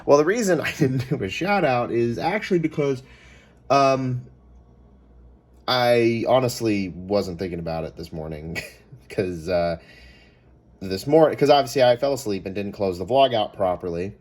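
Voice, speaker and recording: A man's voice: medium pitch, expressive, normal speed, darkish tone. A man with a Californian American accent in casual vlog chat. He rambles and chats, with frequent ums and corrections of himself. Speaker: vlogger.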